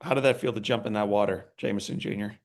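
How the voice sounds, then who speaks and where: A man's voice: lowish voice, steady tone, fast. A man hosting a podcast interview, enthusiastic as he asks his guests questions. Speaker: podcast host.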